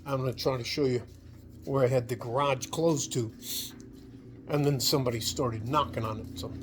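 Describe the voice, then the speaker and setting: A man's voice: mid-range voice, fairly even intonation, normal speed, background noise. A man vlogging in his home garage, talking in a rambling, profane, worked-up way. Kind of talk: casual vlog monologue.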